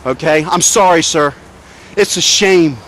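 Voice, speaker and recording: High-pitched man, indignant, sarcastic, lecturing, outdoors by a road, handheld camera. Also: measured pace, a bit bright, slight background noise. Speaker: protester filming police. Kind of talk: confrontational street recording.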